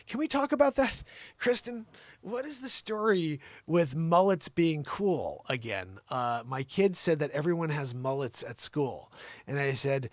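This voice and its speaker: A man's voice: mid-range voice, lively intonation, moderate pace, dry recording. Dry, mock-exasperated comedy host man. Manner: mock-exasperated teasing, swinging between loud outbursts and mutters. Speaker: host of a daily live variety show. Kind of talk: improvised comedy livestream.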